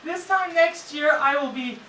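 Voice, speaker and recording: A woman's voice: sits high, unhurried. A woman performing a brash, mocking stand-up comedy set on a comedy club stage. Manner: brash, mocking, punchy delivery. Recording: echoey club from far off, noisy. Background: audience laughter.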